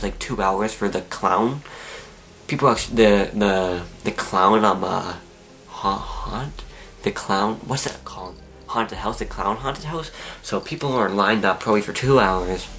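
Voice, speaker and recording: Excitable young man rambling to camera. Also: lowish voice, rough recording. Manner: rambling, excitable, halting restarts. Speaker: vlogger. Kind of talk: casual storytelling to camera.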